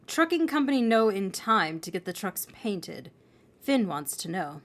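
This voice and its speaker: A woman reads a children's novel aloud, telling the story with plenty of expression. Her voice sits at a middle pitch and swings up and down in a lively way as she narrates. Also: unhurried.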